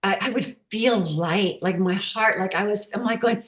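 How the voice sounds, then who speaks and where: A woman shares personal stories as a guest in a halting, casual way, full of restarts and fillers. Her voice sits at a middle pitch. The room gives it a roomy echo. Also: a bit bright.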